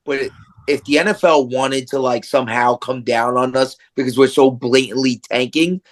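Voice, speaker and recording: A man's voice: mid-range voice, steady tone, moderate pace. A man on a sports podcast giving his opinions and rambling with lots of fillers. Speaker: podcast co-host. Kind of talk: casual sports chat.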